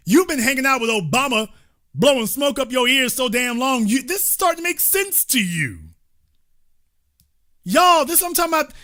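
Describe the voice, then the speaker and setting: A man ranting as a commentary host, heated and mocking, with profanity throughout. His voice is high and bright, and it swings widely in pitch as he drives each point home. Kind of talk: political commentary rant.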